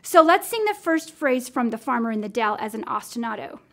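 A middle-aged American woman with a clear, encouraging manner, teaching teachers how to guide children's singing. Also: a little high, very animated, brisk, a bit bright. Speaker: music teacher trainer. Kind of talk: instructional demonstration.

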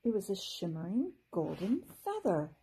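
A woman teacher reading a children's storybook aloud in a gentle, expressive way. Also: medium pitch, unhurried, slightly rough, rough recording.

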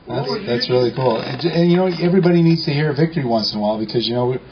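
A man's voice: mid-range voice, racing, a crowd in the background. Casting note: a man entertaining a meeting, telling a joking story and playing all the parts, on a dull recording. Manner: joking, colloquial, acts out dialogue. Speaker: speaker at a meeting. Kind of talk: storytelling to a live group.

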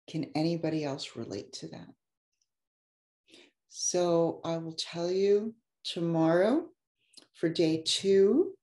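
A woman's voice: on the low side, dark tone, reverberant. A woman life coach giving an effusive, heartfelt motivational talk to an online audience. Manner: effusive and heartfelt, gets emotional.

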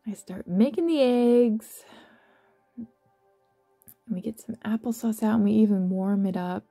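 A woman with a mellow, slightly gravelly voice narrates a guided visualization. She talks softly and tenderly, with small gentle laughs, over faint background music. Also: mid-range voice. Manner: soft, slow and affectionate, with gentle laughs. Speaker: meditation guide.

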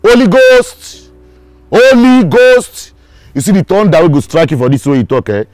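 An actor with a Nigerian accent playing a boisterous, teasing roommate in a Pidgin film comedy. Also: male voice, on the high side, lively intonation, very fast, dark tone, no room sound, faint music behind, lightly acted. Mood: alarmed. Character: teasing joker roommate, loud and playful.

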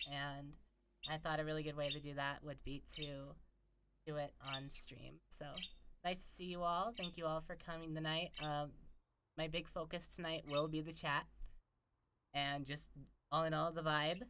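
A man's voice: fairly high pitch, noisy background. A man streaming live from home into a desk mic, chatting loosely with his viewers, swearing often and scattered in his thoughts. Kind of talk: casual live-stream chat. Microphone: desk microphone.

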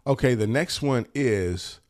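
A man of ordinary middle pitch chats loosely through a stack of shirt designs. He is laid-back and slangy, cheerfully hyped, and he swears now and then as he goes. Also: measured pace. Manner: relaxed, slangy and enthusiastic, repeats "dope", swears. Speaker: host of a t-shirt business channel. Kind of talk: casual talk showing shirt designs.

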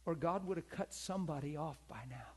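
A man's voice: a little high, animated, fairly quick, a little mellow, slightly rough. A middle-aged man preaching a sermon in a conversational, storytelling way, calling out to his congregation.

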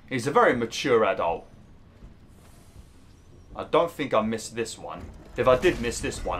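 A man's voice: on the low side, fairly bright tone, slight background noise. A man giving rambling, casual commentary over a video game, swearing and laughing easily. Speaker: gaming YouTuber.

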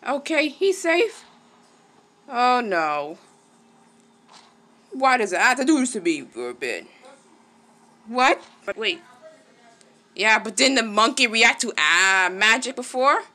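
A woman giving casual let's-play commentary, excitable, gasping and exclaiming at the game. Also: a little high, takes it slowly, pauses often. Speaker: gaming channel host.

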